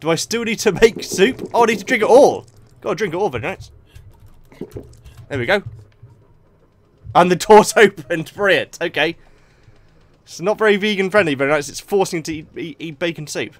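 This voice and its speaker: A young man narrates his gameplay in a slightly high voice. His pitch swings widely as he reacts excitably, often talking straight to the game. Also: normal speed, pauses often, no echo. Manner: excitable, talks to himself and the game. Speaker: gaming video host. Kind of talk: let's play commentary.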